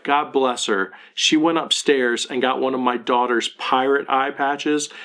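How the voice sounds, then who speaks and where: A parenting blogger in his thirties speaks earnestly and self-critically to the camera in a confessional vlog. His voice is medium in pitch and a bit bright.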